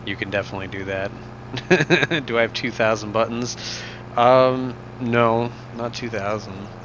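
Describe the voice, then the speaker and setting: A young man with a mid-range voice, speaking a little slowly, streams a game and reads the chat aloud in a casual, joking way. The live gameplay stream is captured in a muffled, noisy recording.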